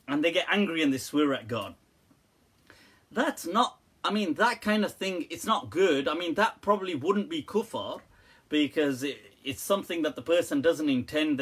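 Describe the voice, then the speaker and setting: A man's voice: a little high, a bit bright, husky. A man answering viewer questions on a live stream, teasing, joking and laughing often.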